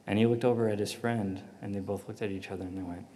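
A man telling a personal faith testimony in an animated storytelling way, acting out the voices in it. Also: on the low side, quick pace, in a large hall, slight background noise. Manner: animated storyteller, acts out dialogue. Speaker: speaker giving a personal testimony.

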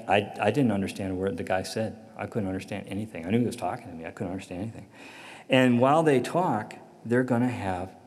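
A man telling a personal faith testimony in an animated storytelling way, acting out the voices in it. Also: medium pitch, in a large hall. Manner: animated storyteller, acts out dialogue. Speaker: speaker giving a personal testimony.

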